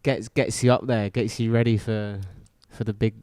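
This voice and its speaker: Relaxed man interviewer with a clear voice. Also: on the low side, normal speed. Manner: relaxed, hesitant, many fillers. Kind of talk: casual chat.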